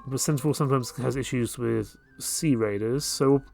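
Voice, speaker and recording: This let's play host speaks with a mid-range voice at normal speed, with vocal fry. His commentary is casual and relaxed as he thinks aloud about his next moves, over faint game music and slight background noise.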